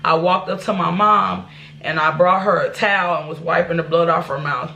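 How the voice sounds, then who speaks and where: A woman's voice: lowish voice, steady tone, moderate pace, creaky, sharp tone, a little hiss or hum. A woman vlogger telling a personal life story to her viewers, candid and rambling, with restarts and asides. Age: adult.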